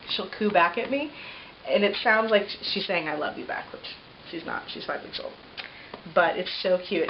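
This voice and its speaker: A woman in her thirties chatting casually in a vlog, a mother of three giving a tender, meandering baby update full of fillers. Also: lowish voice. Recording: slightly muffled with faint hiss.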